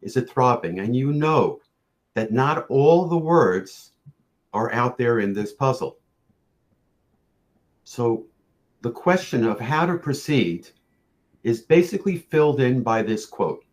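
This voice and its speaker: A man presenting a lecture on facial pain, speaking in a measured storytelling way with occasional fillers and restarts. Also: medium pitch, animated. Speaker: orofacial pain practitioner presenting.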